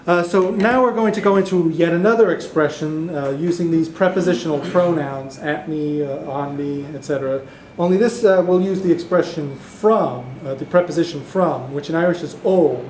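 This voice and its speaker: A man's voice: a little high, moderate pace, darkish tone, a little hiss or hum. A man teaching a beginner language class, explaining patiently with fillers and restarts. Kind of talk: classroom lesson. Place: classroom in a cultural center. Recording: echoey classroom recording.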